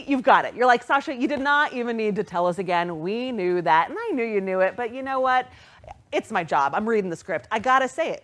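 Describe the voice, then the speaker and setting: A woman hosting a live-streamed charity gala, thanking donors by name in a bubbly, excitable way. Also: fairly high pitch. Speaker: gala host. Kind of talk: live-stream fundraising emcee.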